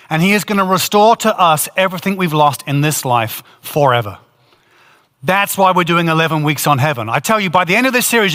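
A male pastor delivers a sermon with a bright, forceful tone and a slightly raised pitch. He tells his story in an earnest, animated way. His voice rings out with the long reverb of a church hall.

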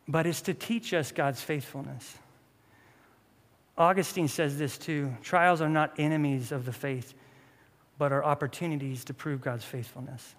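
In a hall with long reverb, a pastor in his thirties delivers a relaxed, funny sermon, acting out parts of his stories. His voice is slightly high and a little bright.

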